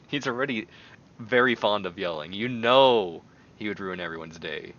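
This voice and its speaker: A man streaming casual commentary while browsing online, rambling excitably and swinging between mumbles and loud bursts. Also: fairly low pitch, normal speed, dull audio. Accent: American. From American.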